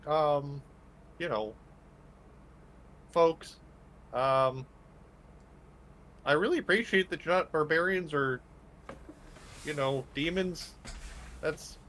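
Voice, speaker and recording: A man's voice: fairly high pitch, expressive, slow pace, long pauses, a bit bright, slight background noise. A man doing a bumbling fellow playing dumb. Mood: evasive. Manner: hesitant, faux-innocent.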